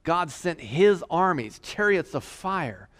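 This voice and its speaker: A man preaching a sermon in an exhorting way, restarting often and slowing down to read scripture aloud. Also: on the high side, big pitch swings, a bit bright. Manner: exhorting, repeats words, reads scripture slowly.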